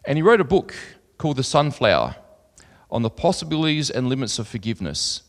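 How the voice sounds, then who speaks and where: A sing-song, medium-pitched male voice moves briskly through a sermon: earnest during scripture readings, chatty with fillers in the asides. The room gives a long hall reverb.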